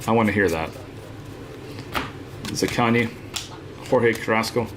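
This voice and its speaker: In an unhurried, lowish voice over background noise, a man hosts a live card break. He chats casually on the stream, teases viewers, and says "uh" a lot.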